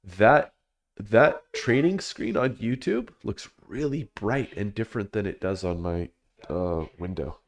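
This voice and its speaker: A man's voice: fairly low pitch, expressive, measured pace. A man hosting a live trading stream, chatting casually and with plenty of swearing, often mumbling in a half-whisper.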